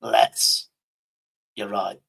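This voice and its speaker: A man's voice: drawn-out words, fairly bright tone. A man livestreaming in casual chat, rambling to himself and swearing constantly.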